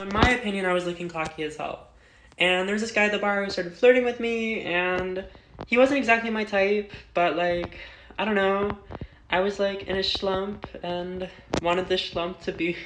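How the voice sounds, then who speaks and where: Young woman vlogger, loose swearing storyteller, mid-pitched, recorded in a reverberant room. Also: fairly even intonation, normal speed, a bit bright, a little hiss or hum. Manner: chatty, filler-heavy, swears freely. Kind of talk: casual storytime. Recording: roomy echo.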